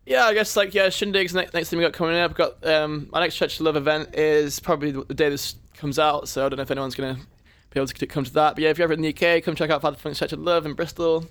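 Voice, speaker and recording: A man's voice: fairly high pitch, steady tone, fast, few pauses, fairly bright tone. A man with a British accent, a guest DJ chatting casually and jokily on a podcast. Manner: chatty, jokey, swears casually.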